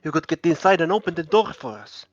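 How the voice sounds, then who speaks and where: A man's voice: fairly high pitch, fast, highs cut off. A man playing a tabletop game, urgent and cursing. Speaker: player. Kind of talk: casual tabletop play.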